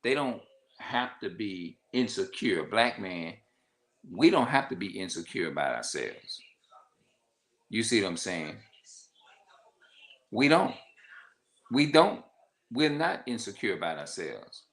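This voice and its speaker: A vlogger talks casually to camera, repeating himself and often asking "you see what I'm saying" to check that the listener follows. He acts out quoted voices with sharp jumps in pitch, his voice swings widely and moves a little slowly, and the recording is low quality.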